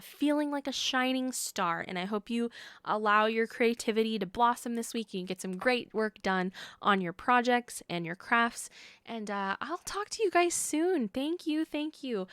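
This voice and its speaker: Twenties woman rambling fondly on her podcast, smooth voice, dry close sound. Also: fairly high pitch, fairly bright tone, no room sound. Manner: gushing and sentimental. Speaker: podcast host. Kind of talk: casual chat.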